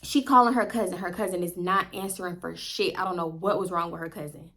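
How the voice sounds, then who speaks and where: A woman in her twenties with a Houston accent, telling a story in an animated, profane way to her viewers. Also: on the low side, fast. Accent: Houston, Texas. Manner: profane, animated, laughing asides. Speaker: vlogger. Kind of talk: casual storytime monologue.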